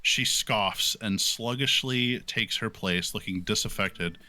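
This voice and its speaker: A man narrating as game master of a tabletop game, playful and animated. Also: fairly low pitch, slow pace.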